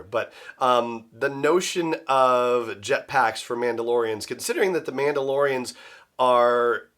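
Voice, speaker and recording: A man's voice: mid-range voice, fairly bright tone. A man hosting a solo podcast, thinking aloud in a loose, speculative way with frequent fillers. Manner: musing, speculative, many "you know" fillers. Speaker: podcast host.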